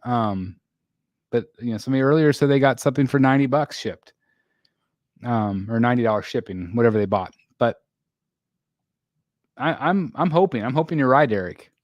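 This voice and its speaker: A weary middle-aged man rambles through a live stream, reading viewer comments, clearing his throat at times and relying on filler words. His ordinary-pitched voice is expressive and fairly quick with frequent pauses, sounding dry and close with no echo, though the recording is muffled.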